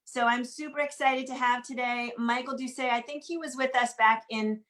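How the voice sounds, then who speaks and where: A woman hosting an online group singalong over a video call, greeting people quickly and giving announcements in an upbeat, casual way. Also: fairly high pitch, steady tone, a bit bright.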